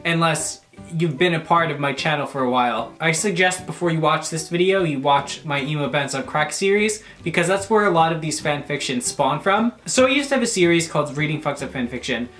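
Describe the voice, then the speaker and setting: A young man and YouTuber reading aloud for laughs, animated and crude, breaking off for mock-offended jokes. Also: on the high side, fairly quick, hardly any pauses, echoey room, soft background music. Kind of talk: comedic reading aloud with asides.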